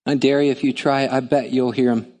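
A man preaching a sermon in a lively, conversational way, often acting out voices. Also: mid-range voice, brisk, big-room sound. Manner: animated, conversational, acts out voices. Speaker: pastor.

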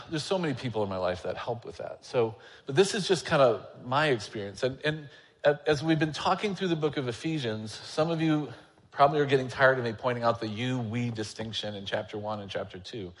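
A man's voice: mid-range voice, a little fast, big-room sound. A man, an elder preaching a sermon, talking candidly and conversationally with a self-deprecating manner. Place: church sanctuary.

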